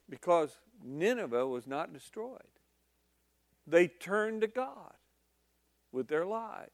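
High-voiced, unhurried male preacher. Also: expressive, no echo, clean studio sound. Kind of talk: sermon.

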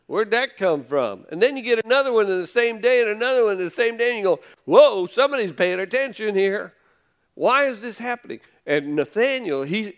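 A man with a high-sitting, smooth voice gives a sermon in a conversational style. He reads from scripture and retells it using ordinary, casual speech.

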